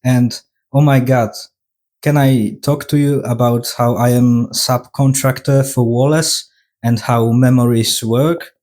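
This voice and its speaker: A man's voice: mid-range voice, fairly even intonation, takes it slowly, a little mellow, lightly acted. Brief: chatty, lonely female scientist, gushing parody, male reviewer doing her. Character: lonely chatty woman memory doctor.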